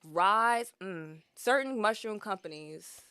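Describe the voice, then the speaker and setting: Brief: woman, podcast guest, smooth clear voice, dry close mic, animated storyteller. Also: mid-range voice, slow, no echo. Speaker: podcast guest, mushroom grower. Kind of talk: casual storytelling chat.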